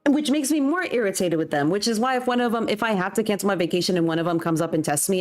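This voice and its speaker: A woman's voice: medium pitch, animated, quick pace, hardly any pauses, a little mellow. A young woman livestreaming from home, ranting bluntly in casual chat with faint music behind. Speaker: streamer. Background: faint background music.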